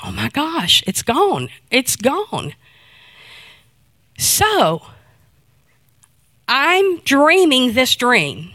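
A middle-aged woman shares a personal faith testimony with a fairly high voice. She tells it as an animated story and acts out the voices of the people in it. The recording is close and dry. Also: dry recording. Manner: animated storytelling, acting out quoted dialogue. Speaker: speaker giving a testimony.

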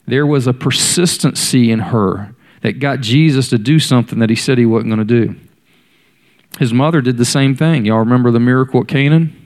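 A preacher delivers a sermon in an ordinary mid-range male voice with a fairly quick pace and a darkish tone. He tells stories, voicing the characters in quotes, and keeps turning to the congregation with direct questions.

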